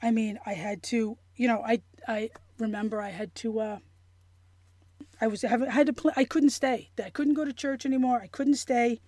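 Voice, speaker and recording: A woman with a mellow, somewhat high voice tells her story in an interview. She talks earnestly and with feeling, halting, restarting and reaching for words. The sound is dry and close. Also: steady tone, no echo. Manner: halting, with many restarts and fillers; earnest and emotional. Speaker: interview guest.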